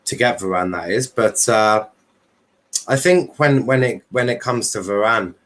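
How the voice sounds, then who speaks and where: A man hosts a relaxed football chat livestream in a fairly low voice. He rambles, piling up ums and restarting his sentences as he goes. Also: a little slow. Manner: rambling, many fillers and restarts. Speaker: livestream host. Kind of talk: casual football chat stream.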